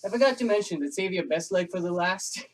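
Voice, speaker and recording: A man's voice: sits high, lively intonation, fast, a little hiss or hum. A man leading a workout class, panting from the exercise and chatting and joking through the effort. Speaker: fitness instructor. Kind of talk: home workout class instruction.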